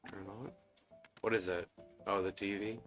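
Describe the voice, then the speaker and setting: A man giving casual, animated let's-play commentary, talking to viewers as he plays. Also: fairly low pitch, normal speed, soft background music. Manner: animated, excitable, talks to viewers. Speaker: gaming video creator.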